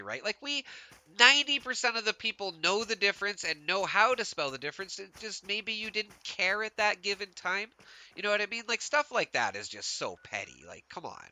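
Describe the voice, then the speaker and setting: A man's voice: on the high side, pushed and bright, smooth. A man from Canada live-streaming a game, chatting casually, rambling with lots of "like" and frequent laughs. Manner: rambling, laughs often, heavy use of "like". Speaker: gaming streamer.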